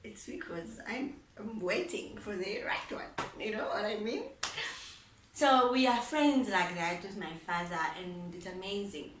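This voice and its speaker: A woman's voice: mid-range voice, a little slow, far from the mic, background noise. Young woman telling her story in a roomy echo. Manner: animated, laughing, acting out both sides of the dialogue. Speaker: vlogger. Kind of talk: personal storytelling. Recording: roomy echo, voice set back from the mic.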